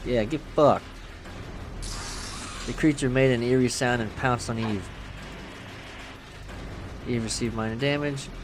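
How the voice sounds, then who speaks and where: A man's voice: medium pitch, fairly even intonation, normal speed, long pauses, background noise. A man streaming a horror game, reading its text aloud with crude, joking asides. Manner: profane, joking asides between narration. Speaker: gaming streamer.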